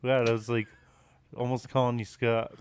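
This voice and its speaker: A man's voice: mid-range voice, flat delivery, normal speed, smooth. A man co-hosting a podcast in casual chat, rambling with lots of fillers and swearing freely. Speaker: podcast co-host.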